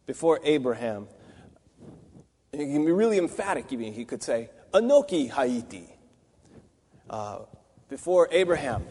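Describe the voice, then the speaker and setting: A man's voice: medium pitch, a little mellow, in a large hall. A man giving a Bible teaching, talking it through conversationally with restarts and asides. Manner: conversational, thinking aloud with fillers and restarts.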